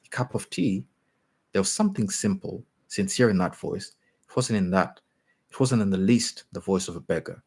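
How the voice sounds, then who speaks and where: A man reading a short story aloud in a measured way, sometimes restarting a phrase. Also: sits low, a little mellow, slightly rough. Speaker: reader.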